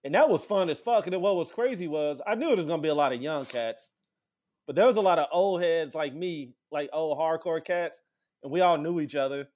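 Speaking fairly quickly in a slightly high voice, a man tells a story in loose, profane podcast chat. Animated and swearing freely, he acts out other people's lines by jumping suddenly into a much higher voice for the quotes.

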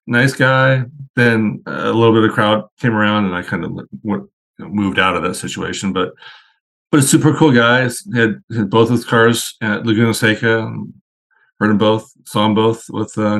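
A man with a fairly low voice talks as a podcast guest. He rambles through car-show anecdotes in a loose, conversational way. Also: fairly even intonation, moderate pace, fairly bright tone.

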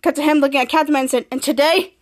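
Woman, very high voice, podcast host, excited scene-by-scene recap. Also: rapid-fire. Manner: excited, retelling scenes and quoting lines. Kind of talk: casual episode recap.

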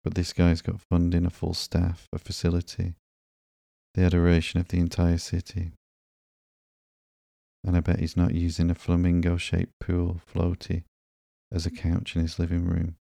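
A man reading the lines of a sarcastic young woman antihero in a low-key, barely changed voice for a sleepy comic book reading. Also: monotone, normal speed, creaky, dark tone, dry recording, studio quality. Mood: glum.

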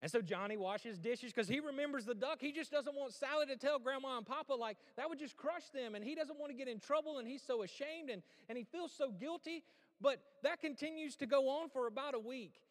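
A man preaching a sermon in a folksy, conversational way, swinging between loud and hushed delivery. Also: very high voice, fairly quick. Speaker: pastor. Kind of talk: sermon with storytelling. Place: church sanctuary. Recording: long church hall reverb.

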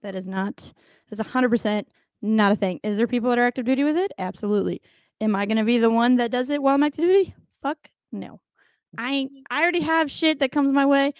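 A young woman with a fairly high voice, talking bluntly and swearing freely as she co-hosts a casual podcast. She laughs often between stories. The sound is dry and close. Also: quick pace, dry recording. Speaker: podcast co-host.

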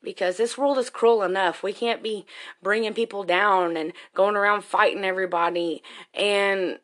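A woman's voice: medium pitch, fairly even intonation, moderate pace, a bit bright. A woman, a single mother, talking candidly and emotionally in a rambling personal monologue, swearing freely.

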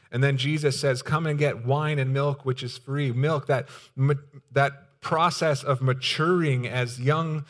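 A young man preaching a sermon as pastor, earnest and pleading, with pauses and restarts. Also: medium pitch, a bit bright.

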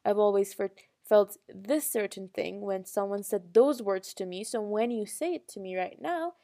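A woman's voice: mid-range voice, normal speed, creaky, warm tone. Earnest rambling young woman. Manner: earnest, rambling, with restarts and small laughs. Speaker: vlogger. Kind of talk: casual personal monologue.

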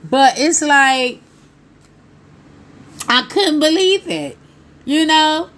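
A woman in her thirties telling viewers a personal story in a casual, animated way, talking straight to them. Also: high-pitched, extremely slow.

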